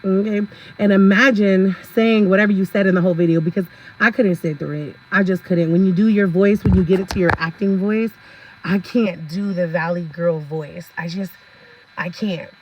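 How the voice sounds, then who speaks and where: A woman's voice: mid-range voice, moderate pace, highs cut off, a little hiss or hum. Sassy laughing woman vlogger. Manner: sassy, laughs often, talks straight to viewers. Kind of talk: casual ranting commentary.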